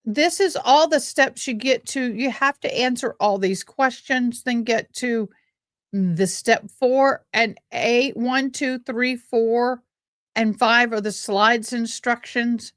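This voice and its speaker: Slow, dry-voiced woman chatting. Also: on the high side, no echo. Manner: rambling, exclaiming, self-interrupting. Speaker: livestream host. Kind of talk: casual livestream chat.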